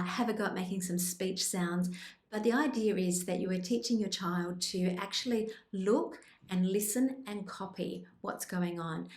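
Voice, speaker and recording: A woman speech pathologist presenting tips in an instructional video, with a calm, clear explanatory delivery. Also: medium pitch, echoey room. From Australia.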